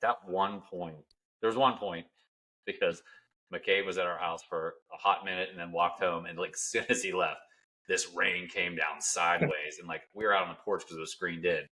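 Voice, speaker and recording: A man on a podcast telling a lively anecdote and laughing as he talks. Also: low voice, normal speed. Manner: lively storytelling, laughs mid-sentence. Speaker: podcast participant. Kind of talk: casual podcast conversation.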